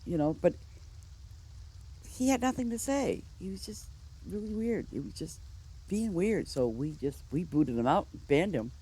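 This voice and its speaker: A woman's voice: on the low side, animated, a little slow, long pauses, warm tone, slightly rough. A woman game streamer chatting casually and telling rambling stories, full of "you know" and restarts. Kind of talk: casual storytelling chat.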